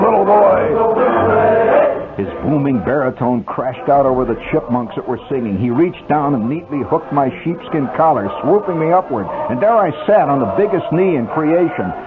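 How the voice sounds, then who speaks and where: A man reading his own story aloud on the radio in a wry, vivid, mock-dramatic style, on a tinny old aircheck. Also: fairly high pitch.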